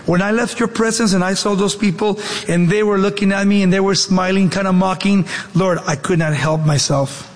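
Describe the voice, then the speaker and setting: Male pastor plays Moses: flustered, defensive, high voice with hall echo. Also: steady tone, moderate pace, few pauses, natural voice. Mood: pleading. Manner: exasperated, pleading. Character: Moses, an angry, excuse-making older man.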